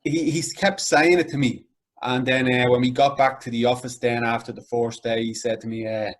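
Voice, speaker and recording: A man's voice: medium pitch, flat delivery, fairly quick. Man with a Dublin inner-city accent. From Ireland. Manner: conversational, with many fillers like "like" and "you know". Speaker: interview guest. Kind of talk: casual interview talk.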